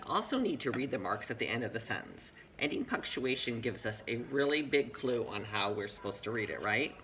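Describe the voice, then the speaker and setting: Bright-voiced patient male reading teacher. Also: medium pitch, low-quality recording. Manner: patient, encouraging, explains step by step. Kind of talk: one-on-one reading lesson.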